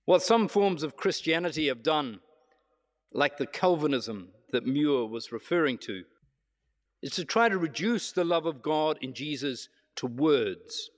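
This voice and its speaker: A man preaching a reflective sermon, measured, slowing down for emphasis. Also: a little high, lively intonation. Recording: long hall reverb.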